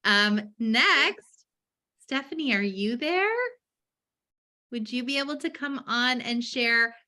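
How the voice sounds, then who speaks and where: A woman hosting an online call, thanking guests and calling on the next speaker in a gentle manner. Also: mid-range voice.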